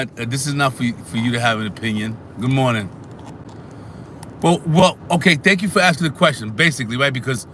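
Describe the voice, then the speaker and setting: A man hosting a casual live stream, animated and talking back to his chat. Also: medium pitch, a little hiss or hum. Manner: animated, talks back to chat, sings snatches.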